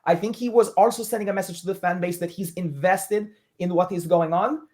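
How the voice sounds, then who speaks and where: A woman guest on a sports podcast, giving her views in a measured, opinionated way. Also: lowish voice, darkish tone. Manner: measured, opinionated, with military comparisons. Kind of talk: casual sports talk.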